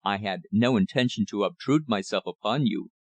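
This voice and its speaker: A calm, thin-faced country rector, as a male reader puts him on, speaking in an unhurried drawl. His voice sits fairly low and sounds close and dry. He answers evenly and keeps something back. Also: no echo, close to an everyday voice. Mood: calm, guarded. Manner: calm and guarded.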